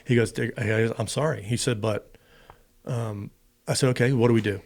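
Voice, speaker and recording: A man's voice: medium pitch, steady tone, normal speed, a little mellow. A middle-aged American man, a former fighter pilot, casually telling a long personal story in an interview and acting out both sides of the dialogue. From United States. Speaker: podcast guest, retired fighter pilot.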